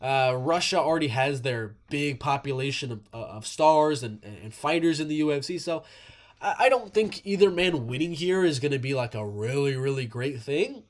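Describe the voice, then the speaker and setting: A man giving casual solo commentary on MMA fights, animated, often repeating words and restarting sentences. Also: medium pitch, moderate pace.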